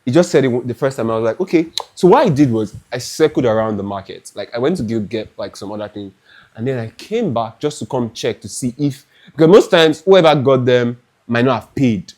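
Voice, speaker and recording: A young Nigerian man with a Nigerian accent, telling a lively, dramatic story in a chatty clothing haul vlog. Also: medium pitch, a little fast. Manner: animated, dramatic, restarts often. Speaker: fashion vlogger.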